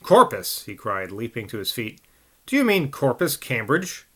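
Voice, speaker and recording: A man's voice: medium pitch, very animated, moderate pace, fairly bright tone, husky. A man voicing an intense, humorless scholarly man who talks emphatically, in a novel reading. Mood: excited. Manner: emphatic, breaks into eager outbursts.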